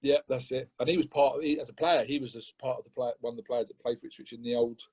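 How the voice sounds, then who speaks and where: A middle-aged man from England, a podcast guest telling an animated story in casual chat, often laughing and acting out what others said. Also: very fast, breathy edge. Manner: animated, laughing, acts out quotes with rising pitch.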